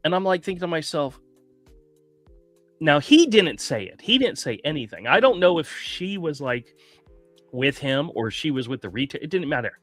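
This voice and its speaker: A man hosting a casual talk show, telling a long story in an animated, indignant way. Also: a little high, moderate pace, no room sound, faint music behind. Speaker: podcast host. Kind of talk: casual chat.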